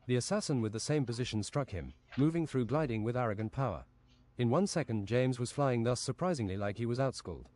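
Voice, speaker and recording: A man reading an absurd fantasy story aloud on a stream in a deadpan, matter-of-fact way. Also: medium pitch, brisk.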